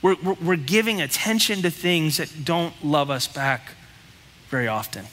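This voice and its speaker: A man's voice: fairly high pitch, normal speed, fairly bright tone, long reverb tail. A man preaching a sermon as pastor, talking bluntly and conversationally, with lots of rhetorical questions.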